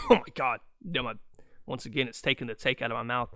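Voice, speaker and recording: A man hosting a solo sports podcast, ranting in an excitable, fast and profane way. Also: mid-range voice, no echo, clean studio sound. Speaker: podcast host.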